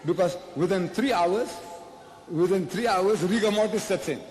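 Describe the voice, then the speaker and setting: A man's voice: high-pitched, moderate pace, a little mellow. A man giving a public lecture to a live audience, posing rhetorical questions and answering them himself. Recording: echoey hall, faint background noise.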